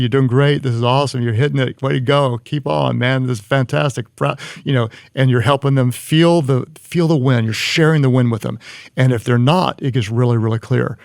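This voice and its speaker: A man's voice: mid-range voice, vocal fry, a little mellow, dry recording, clean studio sound. A man giving earnest leadership advice in conversation, often restarting his sentences. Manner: earnest, frequent restarts and stammers. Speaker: guest.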